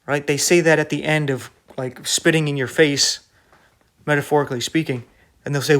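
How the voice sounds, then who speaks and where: A man's voice: fairly high pitch, fairly even intonation, normal speed, a bit bright. A man preaching an online sermon in an emphatic, rebuking way, full of rhetorical questions.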